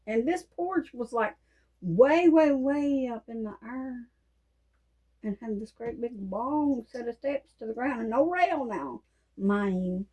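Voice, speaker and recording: A woman, telling folksy stories in a casual, animated way and laughing often. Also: a little high, slow pace, highs cut off. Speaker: Christian vlogger. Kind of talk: casual storytelling monologue.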